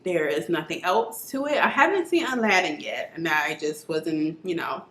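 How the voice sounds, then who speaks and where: Low-voiced but fairly bright, an animated woman talks through a movie review at a moderate pace. It's a casual, earnest chat full of fillers, filmed at home on her camera, whose mic picks up a roomy, echoing sound.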